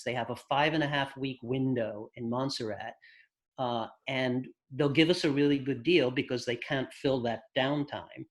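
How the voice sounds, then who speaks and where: A man, a record producer, guest on an interview, telling long anecdotes at an unhurried pace with thoughtful pauses. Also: mid-range voice, steady tone. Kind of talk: casual storytelling interview.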